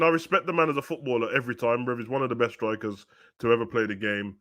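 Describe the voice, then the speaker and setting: A young man hosting a live football watch-along, chatting in slang and rising to loud, excited play-by-play. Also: medium pitch, fast.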